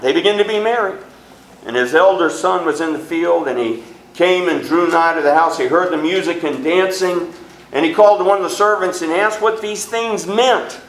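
High-voiced preacher in an echoey church. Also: male voice, moderate pace. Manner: preaching with sudden rises in pitch and emphasis. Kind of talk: sermon. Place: church sanctuary.

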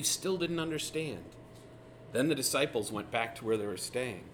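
A man teaching through a Bible passage in a relaxed, conversational way, retelling the scenes with lively asides. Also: medium pitch, normal speed, a little hiss or hum. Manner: casual, animated retelling of scripture scenes.

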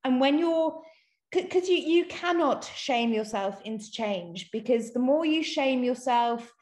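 Earnest, encouraging woman, slightly high. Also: expressive, measured pace, a little mellow. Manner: earnest, encouraging, frequent repeated words. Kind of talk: casual conversation on self-compassion.

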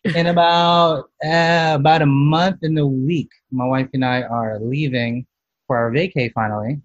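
A man's voice: medium pitch, fairly even intonation, measured pace, no echo, highs cut off. A man hosting a casual food podcast as a chef, chatty and self-mocking, restarting his sentences often. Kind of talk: casual chat.

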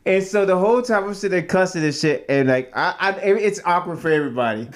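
A man's voice: high-pitched, animated, fast talker, hardly any pauses. A man co-hosting a podcast who trains fighters, telling a story with lots of cursing and acted-out quotes. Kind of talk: casual storytelling chat.

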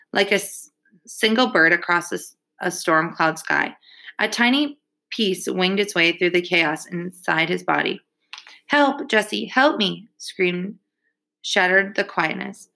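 A woman reading a children's novel aloud in a steady, measured storytelling manner. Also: on the low side. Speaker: reader. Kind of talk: audiobook reading.

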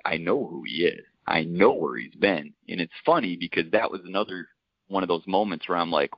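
A man who coaches basketball, casually telling a story on a podcast and acting out the quotes in a lively way. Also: sits low, quick pace, dry recording, muffled recording. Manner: conversational, animated storyteller, acts out quotes.

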